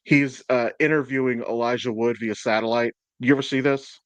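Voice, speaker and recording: A man's voice: mid-range voice, steady tone, brisk, clean tone, no room sound. A man hosting a podcast in casual chat, swearing a lot, rambling and laughing often. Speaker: podcast host.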